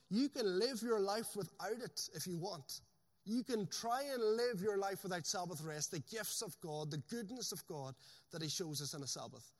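A man preaching a sermon in a raised, fairly high voice. He presses his points home, dropping to a slow, deliberate pace on the lines that matter. His words ring out with a long reverb, as in a large church hall. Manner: emphatic preaching, slows sharply on key phrases. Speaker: pastor.

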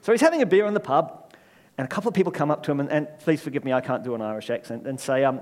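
Animated New preacher, middle-aged man. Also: on the high side, racing. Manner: animated storyteller with wry self-deprecating asides. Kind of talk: sermon.

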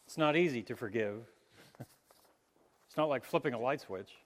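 A man preaching a sermon, animated, chuckling and acting out the voices of the people he quotes. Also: mid-range voice, normal speed. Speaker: pastor. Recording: long hall reverb.

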